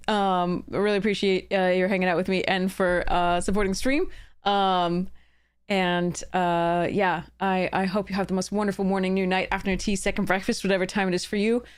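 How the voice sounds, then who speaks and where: A woman's voice: mid-range voice, clear, resonant tone. A woman game streamer chatting live with her viewers, earnest and heated, often stopping to apologize.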